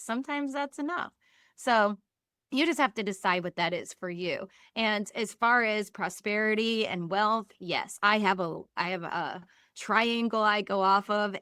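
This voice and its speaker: Woman guest, earnest and upbeat podcast talk, mid pitch, dry close sound. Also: smooth, dry recording. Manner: earnest, upbeat, often laughing softly. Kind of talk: casual podcast conversation.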